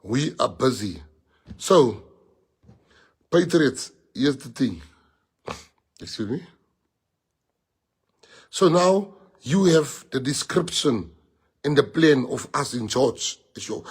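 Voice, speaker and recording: Brief: forceful South African party leader, husky mid-pitched man, repeats lines for emphasis. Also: lively intonation, slow, long pauses. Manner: emphatic, repeats phrases, mixes in Afrikaans. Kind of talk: rallying address to party members.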